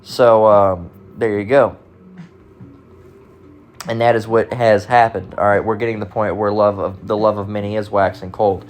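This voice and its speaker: A man's voice: on the low side, level tone, normal speed. A man giving casual, rambling commentary on online comments, talking bluntly and profanely with frequent restarts.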